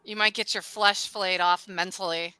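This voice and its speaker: Co-host woman, very bright clear voice, chatty explainer. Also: medium pitch, steady tone, normal speed, poor audio. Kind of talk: casual chat.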